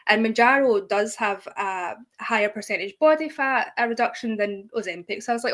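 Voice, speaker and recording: A woman's voice: a little high, fairly quick, hardly any pauses, a bit bright. A young woman, a guest creator in a casual interview, friendly and laughing often as she explains. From United Kingdom.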